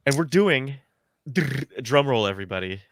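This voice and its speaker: Bright, joking male podcast co-host. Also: mid-range voice, lively intonation, moderate pace, no room sound, clean studio sound. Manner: joking, banter-loving. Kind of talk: casual podcast chat.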